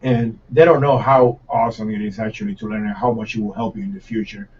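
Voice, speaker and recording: A Puerto Rican man with a Puerto Rican accent, Spanish as his first language, chatting as a chef guest on a casual podcast and telling animated, swear-laden stories. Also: fairly low pitch, quick pace. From Puerto Rico. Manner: animated storyteller, swears freely, laughs while telling stories. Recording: distant, dull lo-fi mic.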